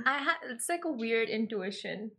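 A young woman co-hosts a news podcast in a high, bright voice. She banters in a playful, jokey way between headlines. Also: animated, normal speed, gravelly, breathy edge. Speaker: podcast co-host. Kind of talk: casual news podcast chat.

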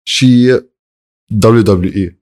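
A man co-hosts a podcast chat in a somewhat low voice. He rattles his words off extremely fast, switching freely between Arabic and English. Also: darkish tone. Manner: rapid, mixes Arabic and English. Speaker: podcast co-host. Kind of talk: casual chat.

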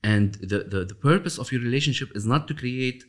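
A man being interviewed, speaking thoughtfully and often pausing and restarting as he explains his ideas. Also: mid-range voice. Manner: thoughtful, hesitant restarts, slows down for emphasis. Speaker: interview guest, author of a love system. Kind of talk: reflective storytelling interview.

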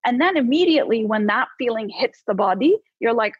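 Husky-voiced woman psychologist coaching. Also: a little high, fairly quick, hardly any pauses, no echo. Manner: lively and coaching, with casual "like" fillers. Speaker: psychologist guest. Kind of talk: conversational podcast advice. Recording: slightly dull, dry podcast audio.

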